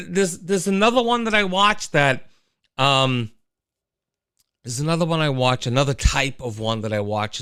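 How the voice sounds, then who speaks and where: Animated, rambling man hosting a livestream. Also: mid-range voice, clean tone, no echo, clean studio sound. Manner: animated, rambling, talks to listeners. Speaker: host. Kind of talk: casual solo livestream chat.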